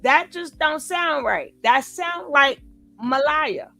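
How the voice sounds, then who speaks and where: A woman's voice: high voice, slow pace, vocal fry, soft background music. A woman giving casual live reaction commentary, reading the chat and acting out quoted lines with lots of repetition. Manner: animated, repeats quoted lines in different voices; talks back to a live chat.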